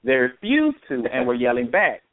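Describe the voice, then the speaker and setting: A man's voice: mid-range voice, wildly swooping pitch, moderate pace, no room sound. A man hosting an online call reads a report aloud, his mid-range voice broken by fillers and false starts. The sound is thin and phone-like, with no room around it. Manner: hesitant, with frequent fillers and restarts. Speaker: host. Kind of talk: reading a news account aloud and commenting. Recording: dry phone-line call audio.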